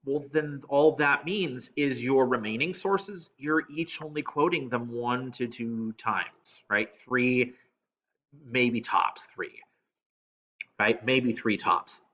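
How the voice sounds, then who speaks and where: A man teaching in a casual screen-recorded lesson, with a bright, forceful edge to his voice. He keeps breaking off with ums and restarts. The sound is dull and lo-fi, like a cheap recording. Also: medium pitch, slow pace.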